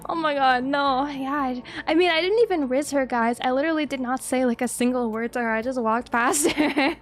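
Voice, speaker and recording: A woman's voice: sits high, a little fast. A young woman streamer chatting casually, laughing often and swearing freely.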